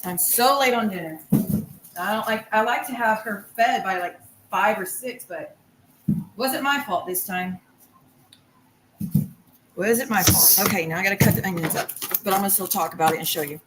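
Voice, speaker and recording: A woman's voice: mid-range voice, moderate pace, pauses often, background noise. Heated, cursing woman ranting on stream. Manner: heated, profane, rambling and repetitive. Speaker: livestreamer. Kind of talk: angry livestream rant. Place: home kitchen while cooking.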